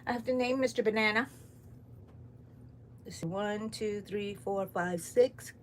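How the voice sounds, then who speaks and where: A middle-aged woman greets viewers by name and rambles through her crochet livestream, broadcasting from a room at home on an overcast morning. Her mid-range voice is a little slow, and a slight hiss or hum sits underneath.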